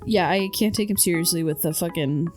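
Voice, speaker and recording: A woman's voice: lowish voice, a little fast, a little mellow, faint music behind. A young woman co-hosting a podcast, blunt and sarcastic, swearing freely in casual chat. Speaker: podcast co-host.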